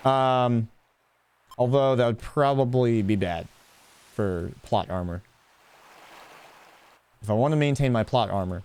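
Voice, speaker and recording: A man's voice: medium pitch, animated, unhurried, pauses often, darkish tone, clean tone, faint music behind. A man streaming a game, chatting casually and joking between reading the story lines aloud. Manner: reads lines in playful character voices.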